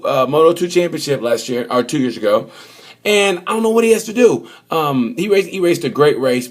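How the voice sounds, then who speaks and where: Joking guy rambling about racing. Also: fairly high pitch. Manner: joking, rambling, acts out quotes. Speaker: motorsport vlogger. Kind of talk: casual comedic race review.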